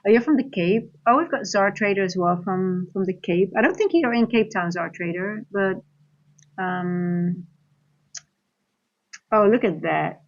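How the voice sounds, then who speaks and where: A woman's voice: medium pitch, animated, unhurried, muffled recording. A woman from the Netherlands, a Dutch speaker, coaching on a live trading stream. She rambles, restarts her sentences and reads the chat aloud as she goes.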